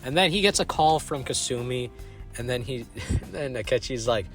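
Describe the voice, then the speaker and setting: A young man rambles through a game recap in a small closet, his voice at an ordinary, mid-range pitch. He chuckles and interrupts himself as he talks, with faint music behind him. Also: animated, normal speed. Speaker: video host.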